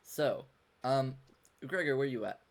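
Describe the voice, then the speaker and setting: A man narrating as game master over a video call, halting and full of fillers. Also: mid-range voice. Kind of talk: narrating a tabletop game online.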